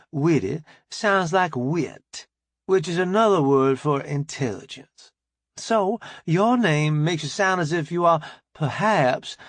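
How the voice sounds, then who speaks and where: A man's voice: on the high side, a bit bright, no room sound, pitched above the performer's own voice, heavily acted. A man voicing a sassy, folksy woman who teases her captain with wry, scolding banter.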